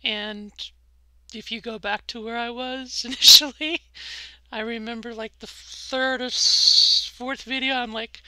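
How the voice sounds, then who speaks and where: Candid middle-aged woman, bright and dry. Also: on the high side, fairly even intonation, measured pace, no room sound, low-quality recording. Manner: rambling, candid, with frequent fillers and restarts. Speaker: vlogger. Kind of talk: candid personal vlog.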